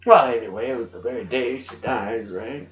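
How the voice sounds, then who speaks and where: A middle-aged man giving an emotional personal testimony, halting and restarting as he speaks. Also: mid-range voice. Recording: dull roomy home recording.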